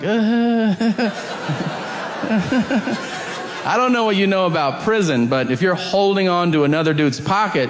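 A man retelling a comedic story in an animated way, slipping into voices of the people in it. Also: sits high. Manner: animated retelling, voicing characters with laughter. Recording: clear background noise.

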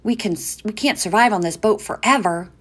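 A woman doing an excited little boy. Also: mid-range voice, brisk, breathy edge, voice pushed up, close to an everyday voice. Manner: excited, bossy make-believe. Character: eager playful young boy explorer.

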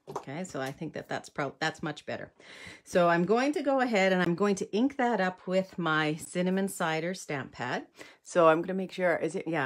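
A woman's voice: on the low side, a little hiss or hum. Chatty woman demonstrating card stamping. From Canada. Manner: chatty, thinks aloud, self-correcting. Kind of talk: live crafting demonstration.

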